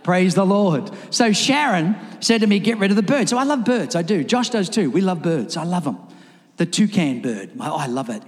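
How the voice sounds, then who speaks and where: A man preaching a sermon in a church, telling stories and acting them out with lively, rising delivery. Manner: animated, acts out his stories with rising pitch. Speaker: pastor. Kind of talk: sermon with storytelling. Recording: reverberant church hall with music.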